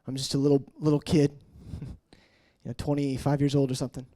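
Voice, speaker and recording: A man in his late twenties preaching an emotional personal testimony, shifting between hushed murmurs and raised, intense passages. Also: flat delivery, fairly quick. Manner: earnest, swinging from hushed murmurs to raised, high-pitched intensity.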